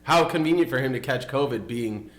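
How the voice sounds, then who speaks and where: A man's voice: medium pitch, brisk, a bit bright, slight background noise, poor audio. A man co-hosting a podcast, chatting casually and sarcastically with frequent restarts. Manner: sarcastic, joking, rambling with restarts. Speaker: podcast co-host. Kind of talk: casual political chat.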